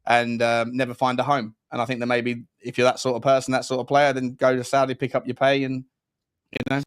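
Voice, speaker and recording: A man's voice: mid-range voice, monotone, a little fast, clean tone, no echo, clean studio sound. A man co-hosting an online football news show, talking casually and rambling with restarts. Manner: rambling, restarts, addresses viewers and co-host as mate. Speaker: co-host.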